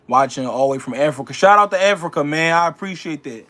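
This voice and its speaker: A young man, a boxer casually answering viewer questions, swinging from loud incredulous ranting to low mumbled advice. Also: a little fast, few pauses. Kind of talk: casual livestream chat.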